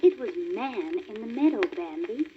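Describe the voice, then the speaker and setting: A woman voicing a calm mother deer in a storybook record, speaking quietly and tenderly. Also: mid-range voice, natural voice. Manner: quiet tender measured speech. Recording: dull crackly old vinyl record.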